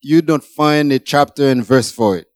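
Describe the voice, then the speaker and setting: A man preaching a sermon, emphatic, rising high for emphasis and then dropping low. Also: moderate pace, clear, resonant tone, no room sound.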